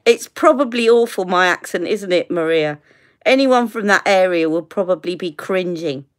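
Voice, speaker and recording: A UK beauty vlogger with a lowish, expressive voice chats at a normal speed during a live makeup tutorial stream. She laughs a lot and wanders off on tangents.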